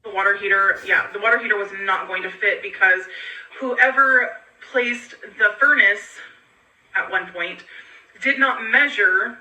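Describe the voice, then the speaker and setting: A tired woman talking in a casual home vlog, rambling and halting with many ums. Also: mid-range voice, pushed and bright, roomy sound, recorded from a distance, low-quality recording. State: tired, low on energy. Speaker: vlogger in a clip being reacted to.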